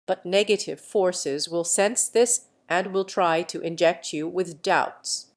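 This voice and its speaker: A woman's voice: on the low side, slow. A woman voicing a male spiritual teacher who gives solemn instructions in a pacifying tone.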